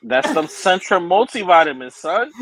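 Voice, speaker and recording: A man with a fairly high voice co-hosts a casual wrestling podcast. He jumps in with slangy, joking remarks. The sound is dry and close to the mic. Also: very animated, normal speed, fairly bright tone, no room sound, rough recording. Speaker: podcast co-host.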